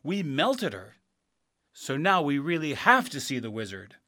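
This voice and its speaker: A man's voice: wildly swooping pitch, measured pace, bright, forceful tone, no room sound, studio quality, exaggerated voice. A man voicing an earnest, direct young girl in a storybook reading. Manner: earnest, raised pitch.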